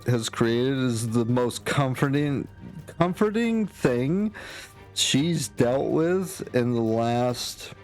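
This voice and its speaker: Male game master, unhurried, loose and rambly narration. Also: medium pitch, a little mellow. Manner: rambling, many fillers and restarts. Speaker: dungeon master.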